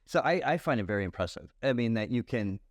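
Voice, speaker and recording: Male interviewer, rapid, lowish voice, eager, dry close mic. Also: animated, no echo. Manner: enthusiastic, quick affirmations. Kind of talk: casual interview chat.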